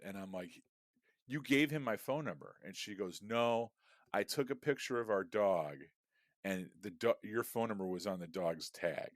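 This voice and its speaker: A man's voice: on the low side, animated, a little slow, no room sound, studio quality. A middle-aged man co-hosting a podcast, telling a story in a profane, exasperated rant. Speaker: podcast co-host. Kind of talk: casual storytelling chat.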